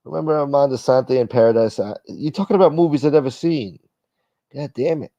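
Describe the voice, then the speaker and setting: A man's voice: mid-range voice, brisk, mellow, dry recording. A man hosting a casual livestream, reading viewer comments aloud in a blunt, profane, wisecracking way. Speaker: livestream host. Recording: dull, lo-fi dry sound.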